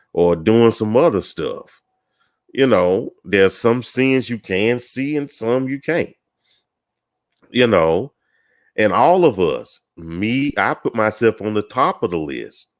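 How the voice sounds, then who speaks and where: A low-voiced man hosts a Christian panel talk in a relaxed, folksy way. He speaks slowly, with plenty of "you know" fillers and a chuckle now and then. His tone stays casual and conversational. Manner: rambling with fillers, gets tongue-tied. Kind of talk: casual panel discussion opener.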